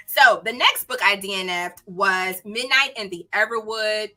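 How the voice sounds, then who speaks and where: Woman, Southern country accent, casual livestream chat, animated, exclaiming, crisp bright tone, middle pitch. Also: a little slow, hardly any pauses, faint music behind. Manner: animated, chatty, drawls and exclaims. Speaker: book channel host.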